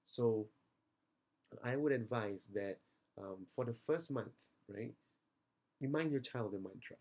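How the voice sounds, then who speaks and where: A man's voice: mid-range voice, takes it slowly, a little mellow. A young man, a seminar trainer, talks earnestly and reassuringly to parents in a video message, with many fillers and restarts, tired after the seminar.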